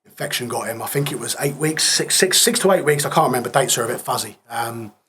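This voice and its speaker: A man's voice: mid-range voice, expressive, fast, a bit bright, slight background noise. A man in his thirties, a podcast guest, recounting a war injury in plain-spoken, subdued casual talk that trails off in places.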